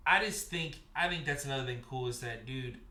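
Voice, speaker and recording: A man's voice: mid-range voice, a little fast, bright, forceful tone, echoey room. A man hosting a podcast, chatting casually and enthusiastically and swearing freely. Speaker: podcast host.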